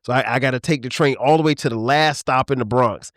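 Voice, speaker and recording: A middle-aged man hosting a podcast, talking in a relaxed, rambling way with many restarts. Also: mid-range voice, fast talker, no echo, clean studio sound. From southern US. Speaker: podcast host. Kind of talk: casual conversation.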